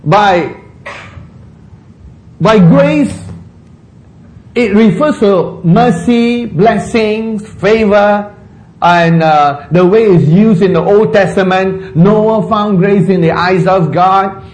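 A man preaching a sermon in a church, speaking deliberately and asking rhetorical questions. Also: high voice, a little mellow, poor audio. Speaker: pastor.

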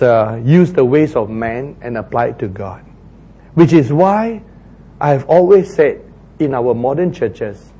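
A man's voice: mid-range voice, warm tone, muffled recording. A man preaching a sermon, retelling scripture in an earnest, repetitive way.

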